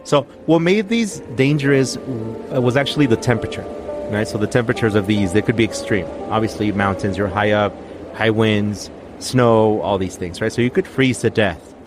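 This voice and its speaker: A man's voice: on the low side, normal speed, over music. Rambling chatty man storyteller. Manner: rambling, self-correcting, chatty. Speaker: podcast host telling a mystery story. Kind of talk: casual storytelling chat.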